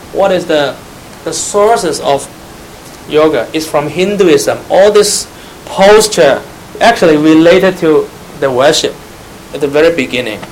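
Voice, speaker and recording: A man's voice: a little high, a little hiss or hum, low-quality recording. A man with a Chinese accent, a Mandarin speaker, preaching a Bible study sermon in earnest, emphatic English and speaking straight to his listeners.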